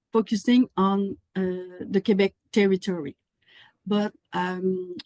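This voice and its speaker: A woman librarian answering audience questions in an online panel, careful and pausing with frequent fillers. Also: medium pitch, a little mellow, no echo, poor audio. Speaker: librarian presenter.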